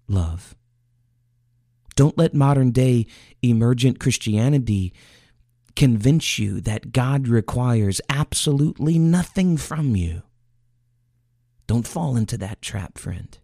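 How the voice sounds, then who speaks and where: A male preacher delivering an earnest, emotional sermon. His voice is gravelly and a little husky, and he speaks slowly. The sound is dry and close, with no room echo. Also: medium pitch, lively intonation, warm tone.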